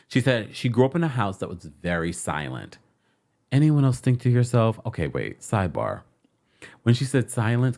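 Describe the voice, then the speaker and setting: A man hosting a casual reality TV recap, chatty and animated, repeating phrases for emphasis. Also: fairly high pitch.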